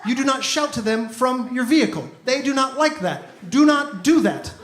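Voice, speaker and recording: Man, stand-up comedian, high voice, deadpan with mock outrage, echoey noisy room. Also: moderate pace. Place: comedy club stage with a live audience.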